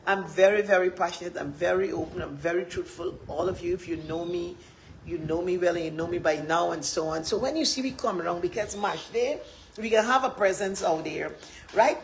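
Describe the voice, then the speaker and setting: A woman with a Guyanese accent, speaking passionately as a political campaigner on a livestream, often rising into loud, emphatic shouts. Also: on the low side, a little fast, slight background noise, low-quality recording.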